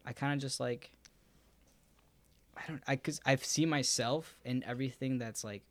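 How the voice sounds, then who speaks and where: A young man with a mid-range voice talks casually on a podcast at a moderate pace, recorded with no echo. He sounds relaxed and rambling, his speech full of filler words.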